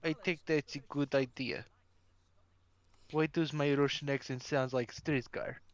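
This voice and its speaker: A man co-streaming a video game, joking around in a relaxed, casual way. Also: medium pitch, unhurried, no echo. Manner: laid-back, joking, swearing. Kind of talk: casual gaming chat.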